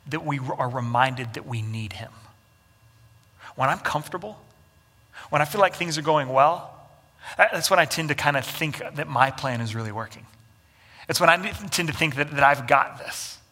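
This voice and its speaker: A male pastor preaching a sermon in an earnest, conversational way, often restarting his sentences. His voice is bright and fairly high. The long reverb of a church hall hangs around it. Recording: echoey hall.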